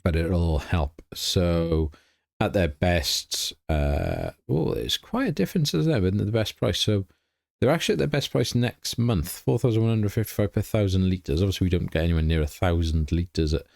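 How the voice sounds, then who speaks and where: A middle-aged man, hosting a relaxed farming game let's play, chatting easily and thinking aloud as he plays. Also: deep voice, normal speed, vocal fry, dry recording, studio quality. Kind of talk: casual game commentary.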